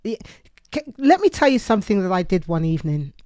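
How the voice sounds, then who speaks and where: A woman's voice: mid-range voice, big pitch swings, quick pace, warm tone, no room sound, studio quality. A woman co-hosting a Christian podcast, earnestly telling personal stories and quoting her own prayers. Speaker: podcast co-host.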